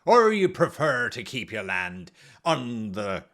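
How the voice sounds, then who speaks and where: A man putting on a pirate voice to play a deferential male ship captain who speaks slowly and formally. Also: medium pitch, sing-song, fairly bright tone, voice pushed down. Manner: slow, gruff, formal pirate speech.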